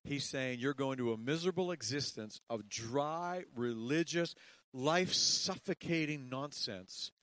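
A man's voice: medium pitch, measured pace, no echo. Emphatic preaching man, dry close sound. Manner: dynamic preaching, swings between hushed and emphatic. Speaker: pastor. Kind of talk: sermon.

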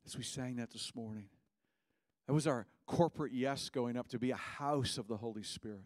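A man preaching a sermon as pastor in a church, impassioned, swinging between loud cries and hushed words. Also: medium pitch, brisk, no echo, studio quality.

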